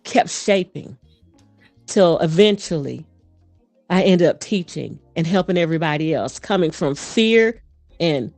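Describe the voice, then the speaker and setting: A woman guest, a voice coach and performer, speaking in an animated, fast storytelling manner in a casual interview. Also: on the low side, no room sound, faint music behind.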